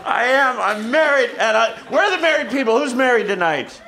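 A man performing a loud, profane stand-up comedy set, laughing as he tells his stories on a club stage. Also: very high-pitched, expressive, a little fast. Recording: live club recording with crowd noise.

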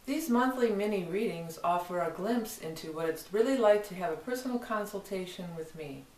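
A woman giving a casual, rambling tarot forecast, with frequent fillers and restarts. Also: medium pitch. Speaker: tarot reader.

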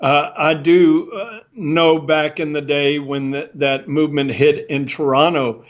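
A man, a guest evangelist, answering interview questions in a measured, thoughtful way. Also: fairly high pitch, fairly even intonation. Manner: measured, thoughtful, hesitant fillers. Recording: slightly dull lo-fi audio.

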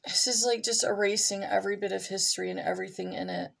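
A woman's voice: medium pitch, steady tone, fast talker, creaky, a bit bright, husky. A woman vlogging from home, reading a column aloud and breaking into rambling asides and comments to her pets. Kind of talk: casual reading with off-the-cuff commentary.

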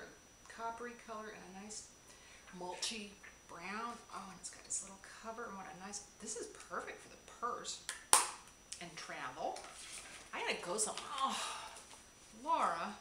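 A woman vlogger gushing over a box of gifts, gasping and exclaiming with delight as she unwraps each item. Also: mid-range voice. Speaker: beauty vlogger. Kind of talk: excited unboxing chat. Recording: echoey room with clear background noise.

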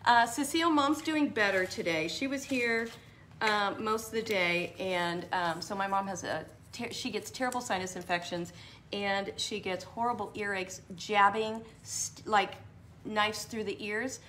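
A woman's voice: medium pitch, unhurried, fairly bright tone, a little hiss or hum. A woman hosting a live craft tutorial, chatting and rambling as she answers viewers by name.

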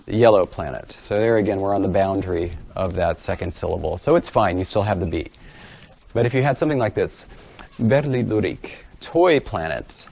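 With a lowish, creaky, somewhat dark voice, a male guest lecturer walks through his slides in an academic lecture. His delivery is offhand and self-deprecating, peppered with plenty of fillers.

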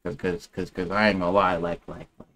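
A man's voice: low-pitched, little pitch movement, brisk, fairly bright tone. A young man in his twenties streaming, reacting in loose, joking chat full of slang.

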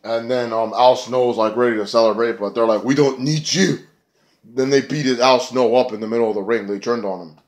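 A man's voice: mid-range voice, fairly even intonation, brisk. A man feeling sick and snotty, giving a casual, profane, rambling review of a wrestling show, with lots of filler words. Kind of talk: casual spoken review vlog.

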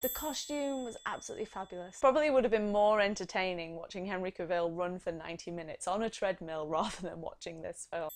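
A young woman giving quick, chatty movie reviews with a sarcastic edge and frequent laughs. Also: lowish voice. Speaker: film reviewer. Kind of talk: casual movie review vlog.

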